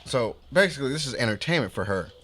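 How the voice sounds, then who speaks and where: A bright, forward-sounding man on a podcast, telling a wild story in loose street slang. He jumps into the voices of the people in his story. His pitch sits at an ordinary middle level. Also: fast. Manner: animated, slangy, acts out quoted voices. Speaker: podcast host. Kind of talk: casual storytelling.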